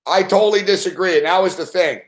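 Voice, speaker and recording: A man hosting a live late-night sports betting show, telling stories in a profane, animated way with mock shouted outbursts. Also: high-pitched, fast.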